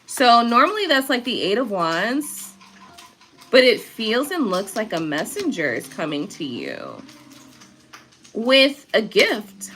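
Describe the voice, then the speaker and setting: A woman's voice: fairly high pitch, wildly swooping pitch, slow pace, fairly bright tone, slight background noise. A young woman giving a casual live tarot reading, chatty and prone to laughing and swearing, with features. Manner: chatty, laughs often, swears, reads viewer comments aloud. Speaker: tarot reader.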